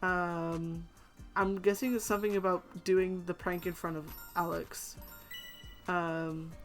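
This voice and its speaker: A woman's voice: fairly low pitch, flat delivery, takes it slowly, soft background music. A young woman streaming a visual novel, reading its lines aloud and chatting with lots of fillers and asides. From Canada. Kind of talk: casual let's-play reading and chat.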